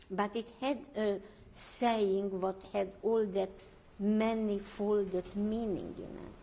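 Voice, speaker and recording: Older woman, English, slow deliberate testimony, halting, hunts for words. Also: medium pitch, fairly even intonation, gravelly, dark tone. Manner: slow, searching for words, pauses and restarts. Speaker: Holocaust survivor interviewee. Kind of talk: oral history testimony.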